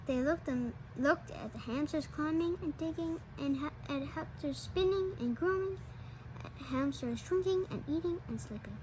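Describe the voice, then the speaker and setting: A woman's voice: high-pitched, moderate pace, noisy background. A woman reading a children's picture book aloud, with small slips, restarts and asides to the listener. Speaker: storybook reader.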